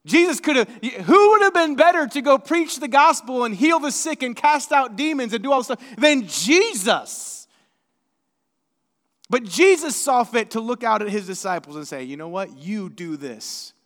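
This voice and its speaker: A male pastor preaching a sermon in a church, talking conversationally and moving between hushed and emphatic delivery. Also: very high-pitched, very animated, moderate pace. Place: church sanctuary. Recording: long reverb of a church sanctuary.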